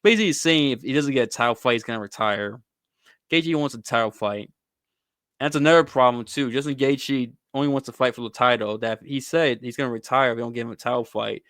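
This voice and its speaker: Blunt, smooth-voiced male sports commentator. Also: mid-range voice, fast talker, fairly bright tone, dry recording, clean studio sound. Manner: blunt, opinionated, swears and says "bro". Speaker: host.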